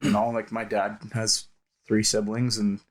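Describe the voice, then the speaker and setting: A man's voice: on the low side, little pitch movement. Easygoing man co-hosting a podcast. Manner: easygoing listener, quick to laugh. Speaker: podcast co-host. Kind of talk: casual chat. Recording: studio recording of modest quality.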